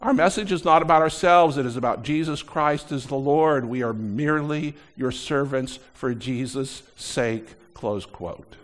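A middle-aged man preaching a sermon as pastor, animated, swinging between loud emphasis and quieter asides. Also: mid-range voice, a little slow, hardly any pauses.

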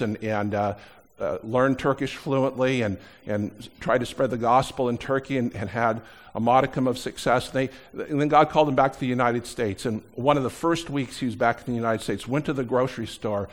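This is a middle-aged man preaching as a pastor, his medium-pitched voice lively as it moves from forceful emphasis to softer side remarks.

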